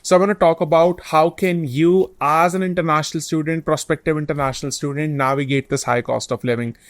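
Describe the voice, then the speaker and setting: Male advice host, earnest explainer, somewhat high voice, dry recording. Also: fairly even intonation, brisk, dry recording. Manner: earnest, explanatory, lays out points in order. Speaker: host of a study-abroad advice channel. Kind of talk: direct-to-camera advice talk.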